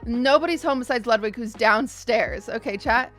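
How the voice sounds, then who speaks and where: A young woman streamer telling her chat a story in a casual, animated way, often restarting and repeating words. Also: on the high side, normal speed, soft background music.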